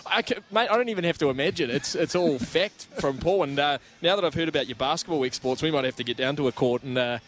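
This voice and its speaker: A man hosting a radio show, bantering and teasing his co-host in a relaxed way. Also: a little high, quick pace, hardly any pauses. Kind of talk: casual chat.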